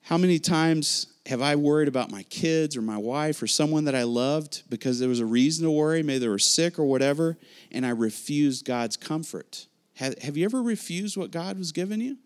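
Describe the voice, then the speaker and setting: A middle-aged male preacher delivering a sermon in an animated storytelling way. He acts out quotes and reactions as he goes, with a voice pitched a little above the usual for a man. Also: normal speed.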